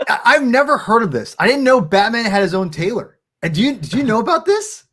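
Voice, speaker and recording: A man hosting a casual stream, excitable and loose, using slang and stumbling over restarts. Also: high voice, brisk, breathy edge. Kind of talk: casual chat.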